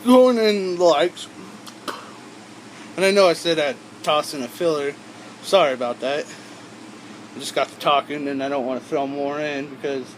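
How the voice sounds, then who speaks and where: Young male vlogger, high voice, rambling and crude, faint hum behind. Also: rough recording. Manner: rambling, profane, with frequent asides and restarts. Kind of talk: rambling casual storytelling.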